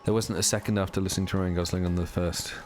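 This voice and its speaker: A man's voice: deep voice, fairly even intonation, fast, soft background music. A man live streaming a video game, chatting casually and rambling as he answers viewers' questions while he plays. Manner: chatty, reads and answers chat while playing; rambling, many fillers.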